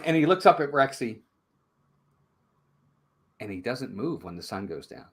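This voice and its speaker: A medium-pitched man speaks a little slowly, with long pauses, as he co-hosts a movie review show. In casual conversation he retells the story as an animated storyteller, playing out the characters' dialogue.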